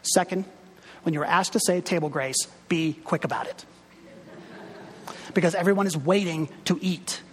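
A man's voice: fairly high pitch, moderate pace, pauses often, long reverb tail, slight background noise, voice pushed down, natural voice. A man quoting a wry, plain-spoken retired bishop in his eighties.

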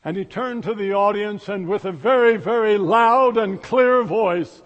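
A male pastor preaching a sermon and telling a story, dropping to hushed asides and rising to loud emphasis. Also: high voice, measured pace, hardly any pauses, in a large hall.

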